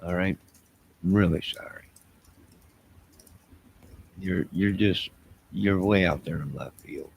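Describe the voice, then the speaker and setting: Gravelly, slow, deep-voiced man streaming. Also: slight background noise. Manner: loose, defensive, talks straight to viewers. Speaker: live streamer talking to his chat. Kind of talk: rambling late-night live chat. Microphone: wearing headphones at a desk mic.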